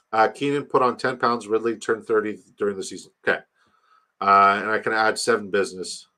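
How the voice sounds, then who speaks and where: A man hosting a casual fantasy football livestream, animated and swearing freely as he reads viewer comments aloud. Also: on the low side. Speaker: livestream host reading chat.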